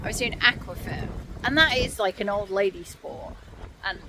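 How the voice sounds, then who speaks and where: Breathless woman in her forties outdoors. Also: medium pitch. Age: 40s. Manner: chatty and candid, pausing to sigh and catch breath. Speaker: vlogger. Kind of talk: casual talk to camera while walking. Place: outdoors on a windy hillside. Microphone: handheld phone. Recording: wind noise on a phone mic outdoors.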